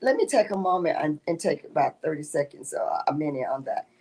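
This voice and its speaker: Husky low-voiced woman telling stories. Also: fairly quick. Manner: animated storytelling with frequent laughter. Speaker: author and guest. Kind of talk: casual interview conversation.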